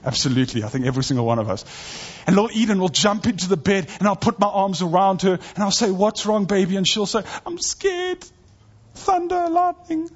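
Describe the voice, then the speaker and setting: A man preaching a sermon to his church, earnest, dropping to a soft hush in tender passages. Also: sits high, fast, slightly rough, lo-fi sound. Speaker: pastor.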